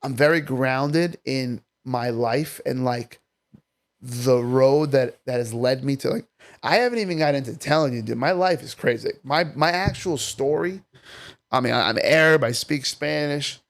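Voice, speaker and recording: A man's voice: medium pitch, moderate pace. A man, a comedian chatting as a guest on a podcast in a brash, profane way. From Staten Island, New York. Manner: brash, profane, jumps between topics. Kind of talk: casual podcast chat.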